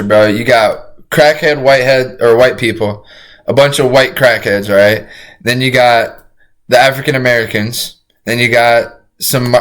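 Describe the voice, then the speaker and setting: A man streaming a reaction to a crime video, talking casually to his chat, excitable and profane, rambling with frequent restarts. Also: mid-range voice.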